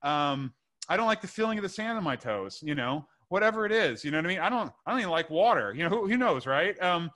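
Guest author, man, bright tense voice, earnest and rambling. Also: on the high side, big pitch swings, fast talker. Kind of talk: casual podcast conversation.

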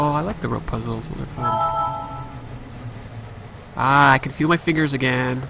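A man's voice: medium pitch, moderate pace, vocal fry, pauses often. A man giving casual, chatty commentary while playing a video game, thinking aloud and putting on mock outrage at times. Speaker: let's play commentator. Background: game music.

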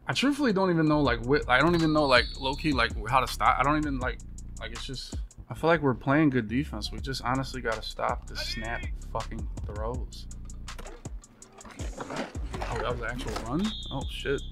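A man's voice: mid-range voice, normal speed, over music. A young man giving casual, profane, exasperated commentary while playing a video game, with slangy talk, groans and sudden outbursts.

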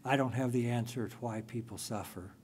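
A man preaching a sermon as a pastor, telling a story in a deliberate way with drawn-out phrases. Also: medium pitch, a little mellow, breathy edge.

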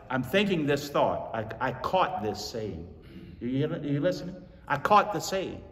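A male pastor preaching a sermon, telling stories with animated energy and repeating lines for emphasis. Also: medium pitch. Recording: echoey hall from far off.

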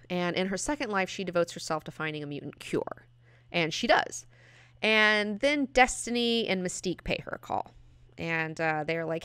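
A young woman hosting a comic review, talking casually with lots of swearing and acting out characters in quick bits. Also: fairly low pitch, a bit bright, clean tone, dry recording, studio quality.

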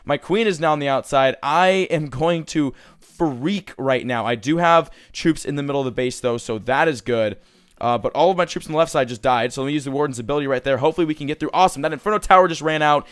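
A young man giving casual, excitable commentary over his own gameplay, swearing and growing frustrated as things go wrong. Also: on the high side, fast talker, smooth, no echo. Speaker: gaming commentator.

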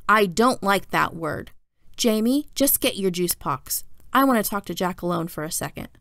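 A woman's voice: mid-range voice, expressive, normal speed, vocal fry, a bit bright, no room sound, clean studio sound. A woman voicing a mother who scolds her sons earnestly, in a storybook reading. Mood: stern. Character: stern but loving mother of two boys.

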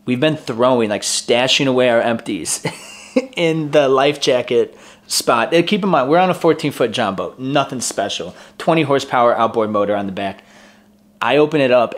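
A man in his twenties telling a personal story in a casual way, laughing often and acting out the voices of the people in it. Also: mid-range voice. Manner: chatty, laughs often, acts out quoted voices. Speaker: vlogger.

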